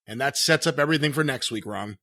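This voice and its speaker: A man's voice: medium pitch, fast, bright, forceful tone. A man co-hosting a podcast, reading a newspaper clipping aloud and wrapping up the show. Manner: reads news clips aloud. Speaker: podcast co-host.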